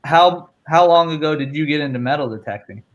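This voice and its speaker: A man's voice: a little high, brisk, highs cut off. A man hosting a live stream, upbeat, laughing often and reading viewer chat aloud. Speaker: host.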